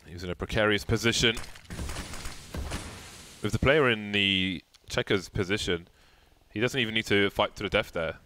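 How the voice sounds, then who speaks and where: A man casting a live esports match, with excitable, jokey play-by-play. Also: fairly low pitch, normal speed, pauses often, a little hiss or hum. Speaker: esports caster.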